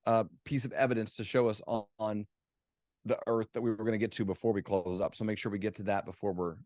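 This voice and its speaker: A man's voice: lowish voice, little pitch movement, fast talker, darkish tone, dry recording, clean studio sound. A man hosting a casual interview, talking in a conversational way with hesitant fillers. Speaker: interviewer, host.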